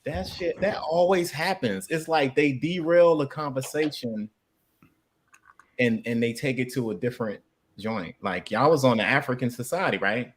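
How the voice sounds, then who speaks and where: A man co-hosting a live stream, chatting casually with animated, profane banter. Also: medium pitch, normal speed, a little hiss or hum. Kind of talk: casual chat.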